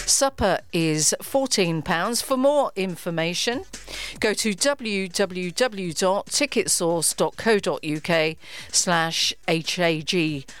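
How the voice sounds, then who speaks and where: A woman presenting on local radio, reading out event listings and dates in an unhurried way and adding a friendly recommendation. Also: lowish voice, a bit bright.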